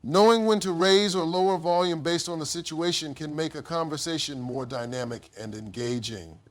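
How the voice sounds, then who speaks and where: A man delivering a scripted motivational speech in a measured way, each sentence dropping low and soft at the end. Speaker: motivational speaker.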